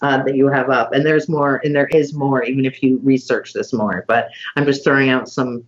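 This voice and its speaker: A woman hosting a casual online conversation, listing items slowly with many fillers over a video call. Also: extremely low pitch, steady tone, lo-fi sound. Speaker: podcast host.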